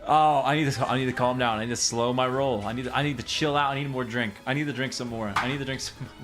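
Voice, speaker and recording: A man casually commentating his gameplay, excitable and rambling, repeating himself and laughing often. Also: mid-range voice, fast, over music. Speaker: streamer.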